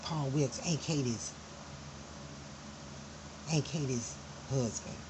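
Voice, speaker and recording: A woman's voice: a bass voice, slow, background noise. A woman telling a family story in an angry personal monologue, profane and emphatic, flaring into heated outbursts.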